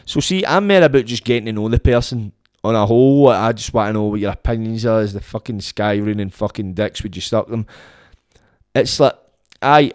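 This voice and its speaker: A man's voice: mid-range voice, darkish tone, no room sound, studio quality. A Scottish man hosting a podcast, rambling and swearing in a casual monologue into his phone. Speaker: podcast host.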